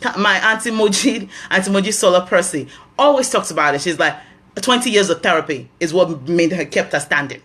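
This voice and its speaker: A woman's voice: fairly low pitch, animated, a little fast, fairly bright tone. Emphatic Nigerian woman giving advice. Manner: emphatic, repeats key phrases for stress. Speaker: health talk host. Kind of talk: earnest advice monologue.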